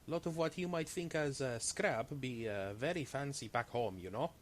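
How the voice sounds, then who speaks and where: A man voicing a fawning, haggling alien trader who speaks in halting, broken English. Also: medium pitch, lively intonation, a little hiss or hum, natural voice. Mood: eager salesman.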